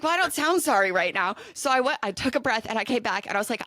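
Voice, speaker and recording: Woman, 30s, podcast co-host, casual chat, self-deprecating, slightly high pitch, dry close mic. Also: animated, quick pace, pushed and bright, no echo. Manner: self-deprecating, quotes herself dramatically.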